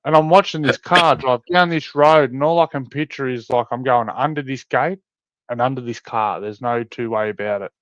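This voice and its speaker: An Australian man tells rowdy stories in casual chat, swearing freely as he goes. His recording is dry, with no room sound at all, and a little dull and muffled at the top. His voice sits at an ordinary middle pitch. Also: moderate pace, no room sound. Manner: swearing-heavy, animated storytelling. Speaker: podcast co-host.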